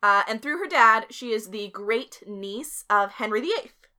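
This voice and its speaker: A woman's voice: a little high, expressive, unhurried, pushed and bright. A woman co-hosting a podcast, telling a history story in a casual, chatty way, laughing often. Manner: laughs often, swears, uses filler like.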